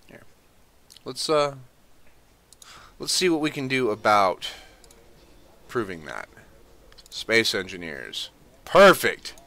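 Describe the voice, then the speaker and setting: Lively, bright-voiced exasperated gamer man. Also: mid-range voice, no echo. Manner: exasperated, swears freely, ranting. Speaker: gaming streamer. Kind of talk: gameplay commentary.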